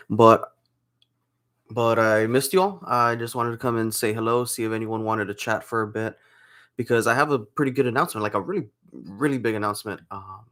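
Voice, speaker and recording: A man's voice: mid-range voice, fairly bright tone. A young man chatting casually to camera in a home vlog, rambling with restarts while feeling unwell with a sore throat. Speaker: vlogger.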